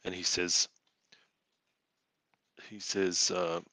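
A man narrating as game master in a tabletop game, in halting speech with many restarts. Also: low voice, little pitch movement, pushed and bright, no echo.

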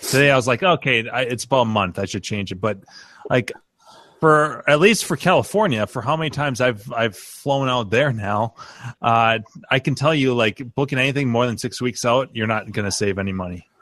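Host, male, bright forceful tone, dry close sound, loose joking call banter. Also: medium pitch, normal speed, dry recording. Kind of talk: casual chat over a video call. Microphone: video call.

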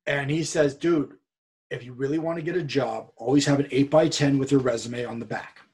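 A man from California, a guest on an interview podcast, telling a long anecdote in a rambling, animated way full of repeats and quoted dialogue. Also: medium pitch, brisk, slightly rough. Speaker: interview guest, wrestler and streamer. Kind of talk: casual storytelling in a podcast interview.

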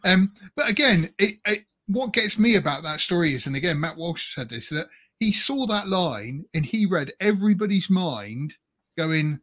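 A man's voice: sits high, expressive, moderate pace, pushed and bright. Rambling man on a podcast panel. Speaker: podcast co-host. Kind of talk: casual panel chat.

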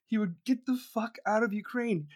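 Man, higher-pitched voice, heated profane comedic rant, mocking. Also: moderate pace.

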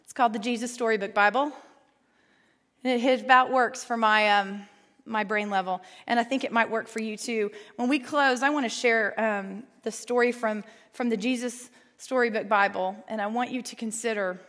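A woman's voice: fairly high pitch, fairly even intonation, normal speed, a bit bright. A woman teaching a Bible lesson to a group in a large room, earnest and playful, with asides to her listeners and a storybook reading. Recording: long hall reverb.

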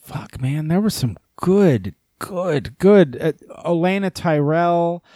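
A man co-hosting a casual podcast chat, excitable and profane, rambling through his points. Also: on the high side, slow pace, dry recording, studio quality. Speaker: podcast co-host.

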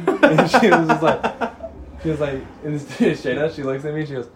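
A man's voice: fairly high pitch, animated, normal speed, slight background noise. A man in his twenties, a podcast co-host, telling a story in casual slang with lots of swearing and laughter.

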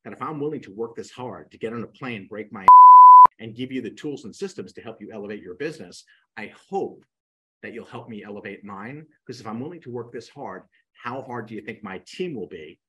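A man in his sixties, a podcast guest, telling animated stories and acting out the dialogue. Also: fairly low pitch, brisk, slightly rough, poor audio. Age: 60s. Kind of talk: storytelling in a podcast interview.

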